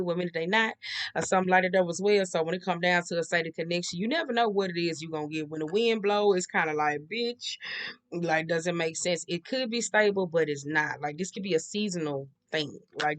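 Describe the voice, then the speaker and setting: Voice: medium pitch, fairly bright tone. Blunt, profane tarot reader rambling casually. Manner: blunt and profane, with frequent slang; rambling, with repeated verbal tics. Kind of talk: casual monthly tarot reading.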